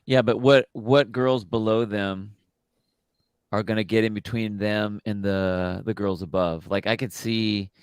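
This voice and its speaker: A man's voice: fairly low pitch, steady tone, measured pace, clean tone, no room sound. A man co-hosting a sports podcast in laid-back casual banter. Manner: laid-back, says dude.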